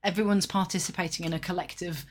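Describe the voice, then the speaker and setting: A woman's voice: lowish voice, fairly even intonation, fast talker, a little hiss or hum. A woman co-hosting a podcast, chatting thoughtfully with lots of hedging. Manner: thoughtful, hedging, laughs often. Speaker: podcast co-host. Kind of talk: casual chat.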